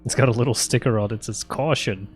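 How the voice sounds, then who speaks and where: A man's voice: mid-range voice, steady tone, fast, soft background music. A man streaming a video game live and joking his way through it with wry commentary.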